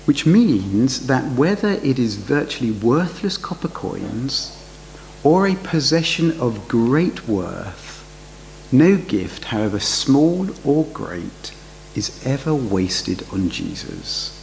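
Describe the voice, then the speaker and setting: A man delivers a sermon at an unhurried pace, his pitch rising and falling with animated emphasis. He poses rhetorical questions to his listeners, with a faint hum behind him. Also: creaky, low-quality recording. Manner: lively, questioning, with rhetorical asides. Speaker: preacher.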